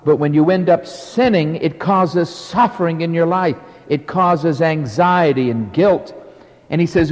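A man's voice: on the high side, darkish tone, big-room sound. A middle-aged man preaching a sermon with an emphatic, rising and falling cadence.

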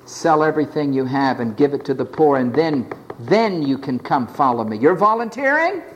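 A man preaching a sermon, voicing Jesus as a stern, calm man who firmly turns a volunteer away, dropping lower and slower. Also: muffled recording, close to an everyday voice. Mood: firm, refusing.

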